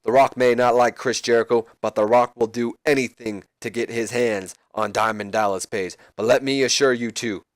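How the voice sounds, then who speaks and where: A man voicing a swaggering male wrestler who brags about himself in the third person with slow, drawn-out lines. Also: medium pitch, steady tone, dry recording, close to an everyday voice. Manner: drawn-out, boastful.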